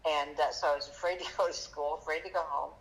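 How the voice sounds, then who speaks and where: A woman guest on a podcast, telling her story in a halting, chatty way with many fillers, turning lively when she quotes people. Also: sits low, poor audio. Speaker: magician guest. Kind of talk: conversational storytelling interview.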